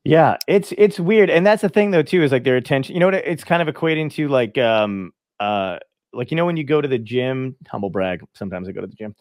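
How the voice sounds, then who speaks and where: This Brooklyn-based male stand-up comedian, who grew up in New Jersey, swaps stories in a casual, profane podcast chat and does the voices of the people he quotes. His voice is medium in pitch, animated and a little fast, with a darkish tone on a dry recording.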